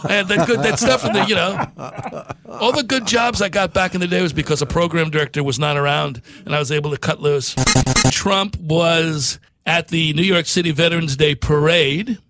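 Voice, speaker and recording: A man's voice: on the high side, moderate pace, music in the background. A middle-aged man hosting a talk radio show, telling rambling, jokey stories in casual banter.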